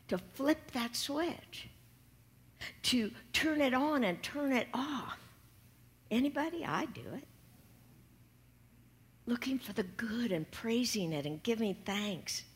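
A woman minister preaching a sermon, talking softly and slowly and sometimes dropping to a whisper. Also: fairly high pitch, animated, husky. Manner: soft and slow, dropping to whispers.

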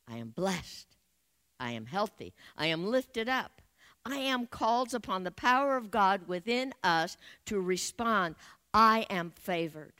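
A woman giving an Easter sermon as a spiritual teacher, speaking in slow, affirming and prayerful phrases. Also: medium pitch, fairly bright tone.

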